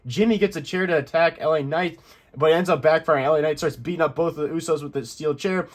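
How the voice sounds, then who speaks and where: Fast-talking man recapping wrestling. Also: on the high side, fairly even intonation. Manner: rambling, self-correcting play-by-play. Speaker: wrestling recap channel host.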